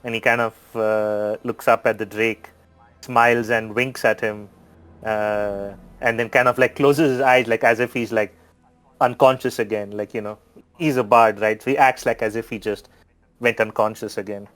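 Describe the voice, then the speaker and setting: A man's voice: lowish voice, fairly even intonation, normal speed, fairly bright tone, faint music behind. Casual man describing his character. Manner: loose, casual, many fillers. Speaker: player. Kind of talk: describing his character's actions in a tabletop game.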